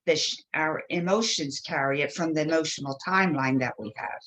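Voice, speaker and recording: A woman's voice: low voice, a little fast, fairly bright tone. A woman guest in a spiritual interview who tells her stories with feeling and acts out the voices of people she quotes. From Polish family background.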